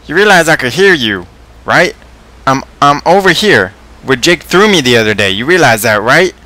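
A man voicing a whiny plush toy that sulks and complains from across the room in a squeaky voice. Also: big pitch swings, moderate pace, bright, forceful tone. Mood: accusing. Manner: squeaky, petulant, calling from afar. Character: high-pitched whiny plush toy, sulky. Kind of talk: comedic gaming commentary.

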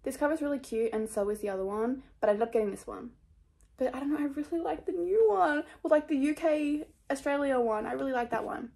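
A woman's voice: high-pitched, quick pace, creaky, mellow. A young woman chatting casually about her book picks in a rambling, scattered, self-mocking way, full of fillers. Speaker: book vlogger. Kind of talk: casual chat.

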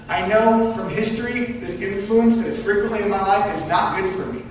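A man's voice: sits high, brisk. A man preaching a sermon in a church, emphatic and repetitive, posing rhetorical questions to the congregation. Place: church sanctuary. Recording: distant mic in an echoey church hall.

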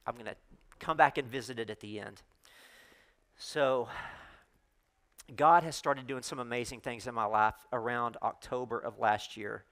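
A middle-aged man preaches as a guest speaker in a mid-pitched voice. He tells his story candidly and conversationally, with self-deprecating asides. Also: steady tone, normal speed, pauses often, fairly bright tone. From United States. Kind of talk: sermon storytelling.

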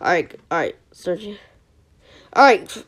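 A woman's voice: lowish voice, a little slow. A woman giving casual gameplay commentary as a channel host, stammering often and yelping when things go wrong. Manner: excitable, stammering, yelps in frustration.

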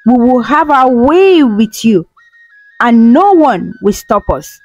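A woman's voice: a little high, animated, slow, darkish tone, no echo, dull audio, soft background music, full character voice. A woman with a Nigerian accent voicing a cruel young male gang leader who taunts coldly. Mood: menacing. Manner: taunting, cold.

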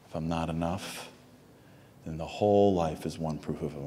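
Low-voiced male preacher, storytelling sermon, reverberant synagogue hall, faint rumble underneath. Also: a little fast. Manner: storytelling, builds to loud animated peaks. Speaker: speaker at a Tisha B'Av program. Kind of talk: inspirational sermon.

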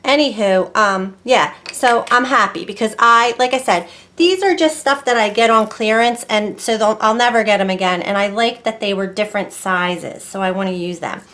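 A woman's voice: medium pitch, moderate pace, hardly any pauses, a bit bright. Woman, casual craft vlogger, rambling and chatty, often breaks off mid-sentence. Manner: rambling, chatty, self-interrupting. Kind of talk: casual crafting tutorial chat.

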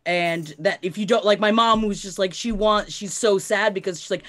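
Woman talking earnest n rambly, mid pitch, heartfelt. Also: normal speed, fairly bright tone. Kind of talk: casual chat.

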